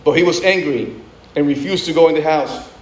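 A man with a high voice preaches in a loose, conversational way. He restarts phrases and breaks into asides. The room around him echoes. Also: brisk. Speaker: pastor. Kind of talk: sermon.

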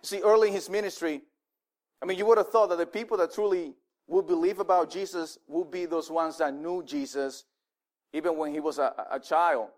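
A male pastor giving a sermon in an animated, conversational way, often restarting his words. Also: a little high, brisk.

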